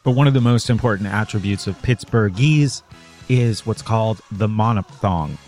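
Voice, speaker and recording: A man's voice: on the low side, moderate pace, a little mellow, faint music behind. A man hosting a podcast and chatting in a casual, playful way. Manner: playful, breaks into mock regional voices. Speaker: podcast host.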